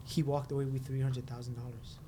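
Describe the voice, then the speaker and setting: A man's voice: medium pitch, flat delivery, brisk, mellow, a little hiss or hum. A man hosting a casual conversation, affirming the guest, summing up points and laughing along.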